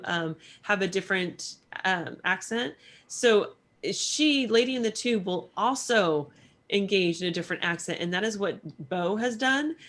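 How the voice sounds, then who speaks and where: A woman co-hosts a casual podcast in an easygoing, bubbly way. She laughs often and keeps to a middle pitch. Her talk stays chatty and informal. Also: a bit bright. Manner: bubbly, laughs often, squeals into high put-on quotes. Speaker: podcast co-host. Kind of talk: casual chat.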